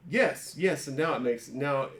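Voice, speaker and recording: A man's voice: mid-range voice, a little slow, a bit bright. A man playing a tabletop game, explaining his character at length with frequent restarts. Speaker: player. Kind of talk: casual chat about a tabletop game. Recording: echoey room.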